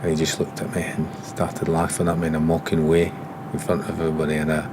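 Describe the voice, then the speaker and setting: A former footballer earnestly recalling an embarrassing first day in an interview. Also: male voice, very deep voice, monotone, fast, background noise. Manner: earnest, self-deprecating. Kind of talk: reflective interview.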